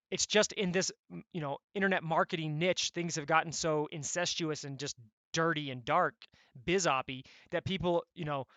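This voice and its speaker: Energetic high-voiced male e-commerce coach. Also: no room sound. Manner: energetic, blunt, conversational with frequent "right?". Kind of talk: coaching session to members.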